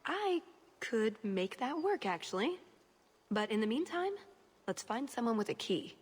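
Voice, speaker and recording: Sardonic rogue woman, dry wit, husky, a bit high. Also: big pitch swings, unhurried, exaggerated voice. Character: wry sharp-tongued female rogue.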